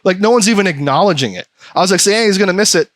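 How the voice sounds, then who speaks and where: Guy ranting on his podcast, swears a lot, voice jumping all over, kinda high. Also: rapid-fire, no echo. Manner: profane, ranting, animated mock voices. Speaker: podcast host. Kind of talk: casual podcast chat.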